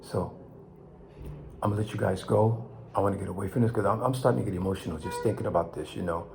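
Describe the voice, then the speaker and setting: An older man with a low-pitched voice, talking to his viewers with passion. His voice climbs sharply when he is outraged and drops to a low murmur when he reflects. A faint hiss of noise sits under the recording. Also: fast, vocal fry. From Los Angeles, California. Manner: impassioned, rising to near shouts then dropping low. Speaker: vlog host. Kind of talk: emotional monologue to camera.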